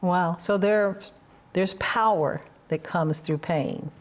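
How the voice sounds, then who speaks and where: A woman's voice: lowish voice, slow pace. A woman hosting an interview, telling reflective stories and encouraging her guest with affirming questions. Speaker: podcast host. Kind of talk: heartfelt conversational interview.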